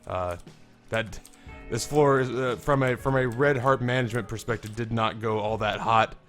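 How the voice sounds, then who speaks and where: A man's voice: mid-range voice, moderate pace, fairly bright tone, faint music behind. A young man with a congested, sick-sounding voice, commentating a video game casually, rambling, swearing and making fun of himself. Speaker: gaming commentator. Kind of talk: casual let's-play commentary.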